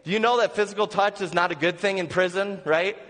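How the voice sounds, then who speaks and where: A man's voice: sits high, quick pace, a bit bright, long reverb tail, pitched above the performer's own voice. A man voicing a nervous pastor who anxiously argues back, his voice rising in protest. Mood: alarmed protest. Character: nervous male pastor visiting prison.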